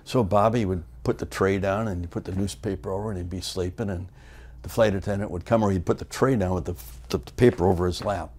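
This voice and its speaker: Older man telling wrestling road stories. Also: fast. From United States. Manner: animated storyteller, acts out the people in his stories in loud high voices. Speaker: interview guest, former wrestler. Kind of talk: shoot interview storytelling.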